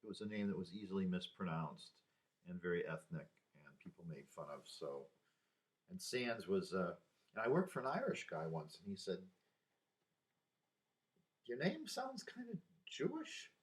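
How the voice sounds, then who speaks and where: A man in his sixties talking through personal memories in a rambling, halting way, with sighs and restarts. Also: sits low, animated. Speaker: vlogger. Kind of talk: casual personal monologue.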